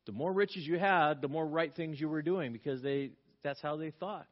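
A man's voice: fairly high pitch, moderate pace. A middle-aged man preaching a sermon as a pastor, emphatic and repeating his key phrases, with frequent restarts. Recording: dull lo-fi recording.

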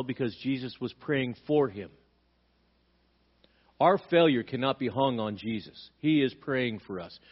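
A man's voice: medium pitch, highs cut off. A male pastor preaching a sermon, asking rhetorical questions and acting out quoted dialogue with emphasis.

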